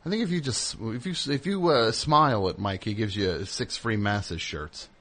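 A man from New Jersey hosting a comic call-in radio show, telling rambling stories with deadpan sarcasm. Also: lowish voice, normal speed.

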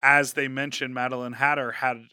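Bright-voiced man, lively chat. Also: medium pitch, clean tone, dry recording, clean studio sound. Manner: animated, quick to act out quotes. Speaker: podcast co-host. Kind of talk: casual chat recapping a reality show.

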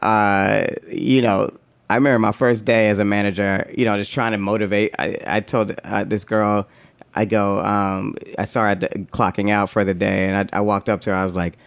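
A man chatting casually, telling lively, profane work stories and jumping into high voices when he quotes people. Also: moderate pace, vocal fry, smooth, dry recording, muffled recording. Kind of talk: casual storytelling chat.

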